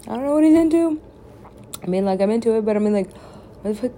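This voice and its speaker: A woman's voice: a little high, expressive, fast talker, mellow. A young woman in casual chat with friends, rambling, laughing often and swearing freely.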